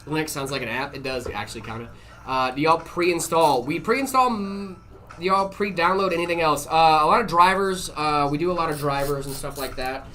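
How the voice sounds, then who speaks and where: Relaxed, filler-heavy male stream host. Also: a little high, brisk. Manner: relaxed, full of "uh" and "um" fillers, jokey. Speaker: stream host answering viewer questions. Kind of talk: casual live-stream chat.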